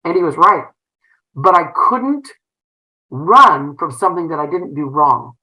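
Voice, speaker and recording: A woman's voice: sits low, very animated, a little slow, bright, forceful tone, poor audio. A middle-aged woman, a former principal turned entrepreneur, earnestly telling a personal story in an interview with many fillers and restarts. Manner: earnest, emotional retelling with frequent fillers and restarts.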